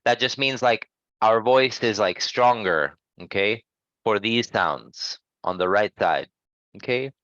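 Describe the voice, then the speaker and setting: A man leads an English pronunciation class, taking his time over each sound. He checks in with the students often and models words slowly for them to repeat. His voice comes through a little muffled and dry, as if over a basic mic. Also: on the low side, a bit bright, no echo. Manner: patient, checks in with "okay?" often. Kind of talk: online pronunciation lesson.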